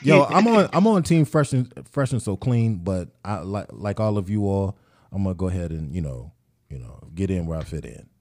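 A man with a fairly low voice hosts a casual podcast, teasing the crew and laughing between questions. His pitch swings widely as he talks. The room sounds dry and close. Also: sing-song, moderate pace, a little mellow, no room sound. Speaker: podcast host. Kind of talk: casual chat.

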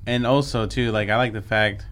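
Smooth-voiced man telling stories. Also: lowish voice, steady tone, moderate pace, a bit bright. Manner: chatty storyteller, acts out quotes. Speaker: podcast co-host. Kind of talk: casual wrestling chat.

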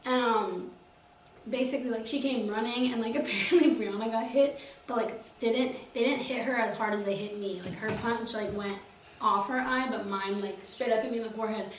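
High-pitched young woman telling stories. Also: moderate pace, a little hiss or hum. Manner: animated, full of "like", acts out quotes. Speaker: podcast guest. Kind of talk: casual storytelling chat.

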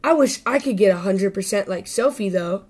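A woman's voice: mid-range voice, expressive, moderate pace, darkish tone, breathy edge. A woman voicing a young boy squirrel in a storybook, mumbling and unsure of himself. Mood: sulky.

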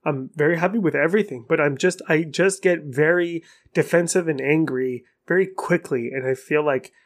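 A man's voice: a little high, normal speed. A man hosting his own podcast, talking alone in a rambling, frank way and cursing for emphasis. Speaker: podcast host. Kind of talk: casual solo podcast monologue.

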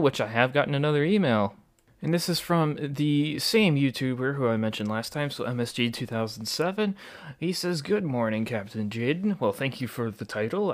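A man hosting his own podcast in a casual, rambling monologue, chatty and jokey with many fillers. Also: a little high. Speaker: podcast host.

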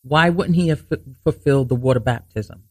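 A man hosting a Bible teaching talk show, explaining scripture earnestly, restarting sentences to stress his points and reading verses slowly. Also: medium pitch, a little mellow, no echo, clean studio sound. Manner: reads scripture slowly and deliberately.

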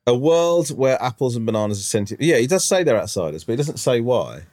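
A man co-hosting a casual comedy podcast, teasing his partner in a dry, deadpan way. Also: mid-range voice, a little fast. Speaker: podcast co-host. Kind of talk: casual comic chat.

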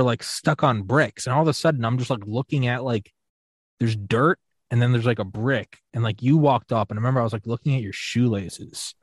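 A man hosting a podcast rambles through a drinking story, swearing freely and circling back through fillers and restarts. His voice sits in an ordinary middle pitch. The sound is dry and close, with no room around it. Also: no room sound. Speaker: podcast host. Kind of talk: casual chat, telling a drinking story.

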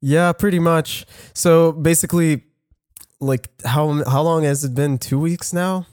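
A man's voice: fairly high pitch, fairly even intonation, a little slow, darkish tone, dry recording, clean studio sound. A man co-hosting a casual podcast, protesting, swearing and laughing through the banter. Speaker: podcast co-host.

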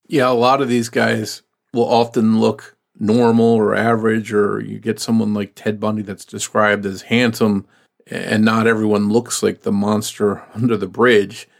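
A man co-hosting a true crime podcast, narrating a case and chatting, pausing and searching for words. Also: on the low side, flat delivery, gravelly. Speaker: podcast co-host.

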